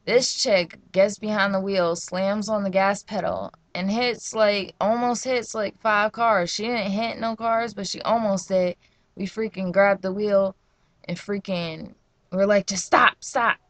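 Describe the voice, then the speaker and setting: A woman's voice: medium pitch, unhurried, no room sound. A young woman from New Jersey telling slangy, profane stories in a casual vlog rant. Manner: slangy, profane, animated storytelling.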